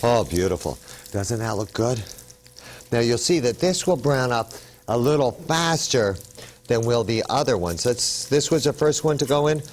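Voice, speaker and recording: A man's voice: mid-range voice, animated, normal speed. A man hosting a TV cooking demonstration, upbeat and chatty, explaining each step as he works. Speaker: cooking show host.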